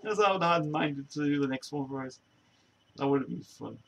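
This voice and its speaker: A man hosts a loose, casual chat, rambling from thought to thought with frequent restarts and bursts of laughter. His voice sits a little high and carries a gravelly edge. A faint hiss of noise runs behind him. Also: lively intonation, brisk. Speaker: show host.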